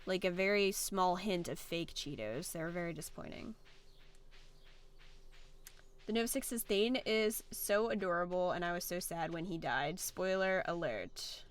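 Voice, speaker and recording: A woman's voice: on the low side, moderate pace, hardly any pauses, clean tone. A young woman streamer chatting casually while playing, reading viewer comments aloud with a playful, filler-heavy way of talking. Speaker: gaming streamer.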